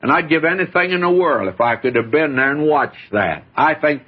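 A man's voice: on the high side, expressive, a little fast, slightly rough. An older man preaching a sermon in a folksy, earnest way, often calling his listeners friend. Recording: dull lo-fi sermon recording.

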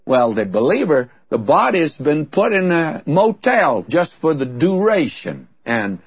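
A man's voice: on the high side, sing-song, unhurried, slightly rough, dry recording. An older man preaching a sermon, telling stories and stressing key words. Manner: storytelling, emphatic on key words. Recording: muffled lo-fi sermon recording.

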